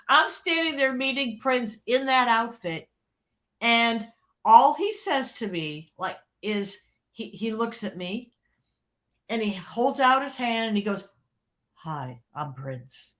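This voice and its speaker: A woman, a former record label creative executive, telling stories in a podcast interview with lively excitement, restarting sentences and laughing often. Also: on the high side. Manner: excited, repeats words and restarts, laughs often, swings between hushed and loud. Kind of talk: animated storytelling in a podcast interview.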